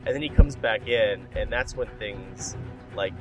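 A man's voice: fairly low pitch, a little slow, over music. A man rambling through a story in comedic banter with friends, swearing as he goes.

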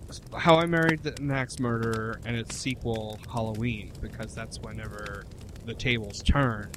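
A man's voice: mid-range voice, fairly even intonation, normal speed, background noise. A man questioning his friends skeptically in comedic banter.

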